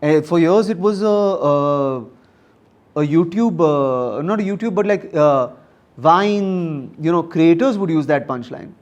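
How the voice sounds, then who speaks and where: Animated Indian comedian, slightly high voice. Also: male voice, unhurried, dull audio. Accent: Indian English. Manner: animated, emphatic, switches into Hindi. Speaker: guest comedian. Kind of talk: casual conversation.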